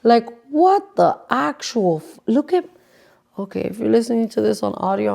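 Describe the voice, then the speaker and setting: A woman's voice: mid-range voice, fairly quick, creaky, mellow. Profane exasperated woman host ranting. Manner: profane and exasperated, dropping into stage whispers; sarcastic, addresses the audience directly. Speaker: podcast host. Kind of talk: casual ranting commentary.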